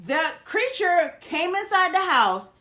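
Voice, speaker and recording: A woman co-hosting a casual podcast chat, recapping a series with laughter and little acted-out bits of dialogue. Her voice sits high and bright, and her pitch moves all over the place. She talks easily and with energy. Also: slow pace. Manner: animated, laughing, acts out characters' lines. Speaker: podcast co-host.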